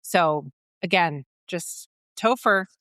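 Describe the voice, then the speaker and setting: A woman's voice: lowish voice, slow, no echo, clean studio sound. A woman co-hosting a podcast, chatting casually about a holiday movie, laughing often and acting out lines from scenes. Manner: animated, laughs often, acts out quotes from scenes. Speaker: podcast co-host. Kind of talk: casual movie review chat.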